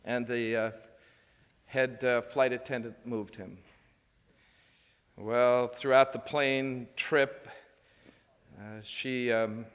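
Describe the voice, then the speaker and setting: A man preaching a sermon as a story, earnest with dry asides, moving between loud and hushed delivery. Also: mid-range voice, steady tone, slow, pauses often, clean tone. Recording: reverberant hall, dull lo-fi sound.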